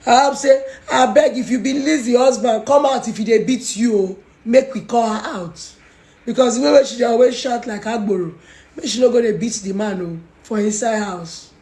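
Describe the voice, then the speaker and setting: A woman's voice: a little high, normal speed, mellow. Scolding Nigerian woman in echoey room. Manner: mocking, scolding, Pidgin-heavy. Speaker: social media personality. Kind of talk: confrontational call-out video.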